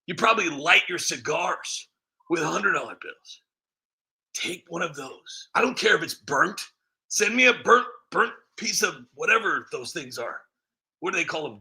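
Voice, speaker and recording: Man, comic rambling rant, gravelly voice, very bright tone, self-mocking. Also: a little high. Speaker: comedy channel creator. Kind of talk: comedic livestream rant.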